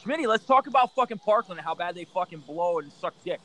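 A man hosting a podcast, joking loudly and swearing often in casual banter. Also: high-pitched, lively intonation, fast. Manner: loud, profane, joking. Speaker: podcast host.

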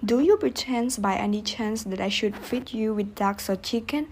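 A woman's voice: mid-range voice, moderate pace, slight background noise, lightly acted. A woman voicing a harsh, angry farmer who scolds his donkey sarcastically in a storybook reading.

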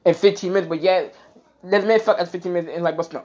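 A man's voice: sits high, fairly even intonation, fast. A young man holds forth on his own podcast in a loose, heated rant. His talk is thick with curses and filler words, and he circles back to the same points again and again. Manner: profane, repetitive, full of "like"; gets heated and louder. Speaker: podcast host.

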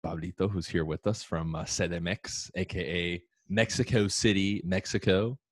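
A man's voice: deep voice, normal speed, husky, dry recording, studio quality. A man hosting a live talk show, chatting casually and upbeat with his guest and audience. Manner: upbeat, slangy, talks to the audience directly. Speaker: podcast host.

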